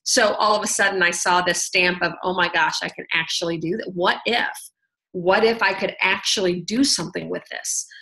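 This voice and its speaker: Chatty woman with a bright voice. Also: on the low side, fairly even intonation, normal speed, low-quality recording. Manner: chatty storytelling, full of "like" and "oh my gosh". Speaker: sales team leader sharing her story on a team call. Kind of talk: personal testimony on a conference call.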